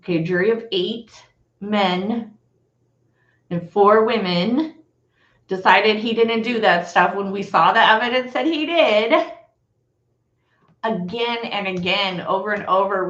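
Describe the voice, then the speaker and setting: A woman's voice: mid-range voice, a little slow, fairly bright tone. A woman hosting a livestream, talking bluntly and heatedly to her viewers and swearing. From Texas. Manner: fired-up, blunt, swears and addresses viewers as y'all. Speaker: livestream host. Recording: echoey room, slightly dull sound.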